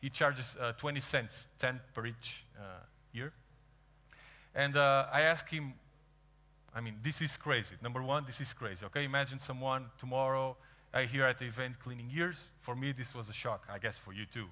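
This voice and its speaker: A man's voice: medium pitch, normal speed. Portuguese man telling stories onstage. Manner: animated, acts out quoted dialogue. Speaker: speaker. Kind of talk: storytelling keynote talk. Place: large event hall. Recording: reverberant hall.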